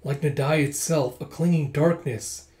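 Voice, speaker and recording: A man's voice: fairly high pitch, normal speed, warm tone, close to an everyday voice. A man reading a manga aloud and voicing a determined young woman with a sword. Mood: resolute. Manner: earnest, resolute.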